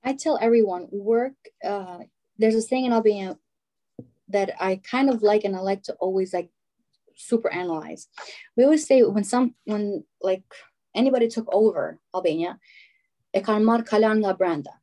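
A woman in her thirties telling stories in casual conversation, animated and acting out what others said. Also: mid-range voice, moderate pace. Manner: animated storyteller, acts out quotes.

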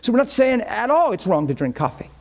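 Middle-aged male pastor with a very high voice; impassioned sermon delivery. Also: very animated, a little fast. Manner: impassioned, swings from quiet to shouting.

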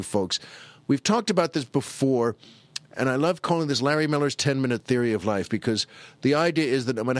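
Middle-aged male host, fairly high voice, dry close mic, rambling self-mocking storyteller. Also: no echo. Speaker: podcast host. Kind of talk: casual storytelling monologue.

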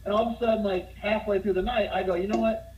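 A man telling a funny bar story in casual conversation, getting more animated as he goes. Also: fast talker, muffled recording. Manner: animated, gets louder and higher as the story builds.

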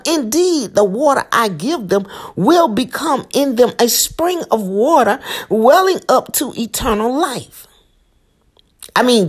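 Husky woman preaching a fiery sermon. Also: fairly high pitch. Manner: emphatic, repeats lines, frequent "hello?" asides. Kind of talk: impassioned sermon.

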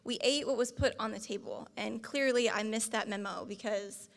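Woman, co-pastor, frank and casual, fairly high voice, big hall reverb. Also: moderate pace, creaky. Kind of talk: sermon told as a funny family story. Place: church stage before a congregation. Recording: long reverb of a large hall.

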